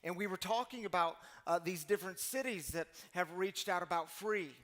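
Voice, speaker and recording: A man's voice: sits high, moderate pace, fairly bright tone. A middle-aged man preaching a sermon as a pastor, telling stories and speaking directly to his congregation. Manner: storytelling, addresses the congregation directly.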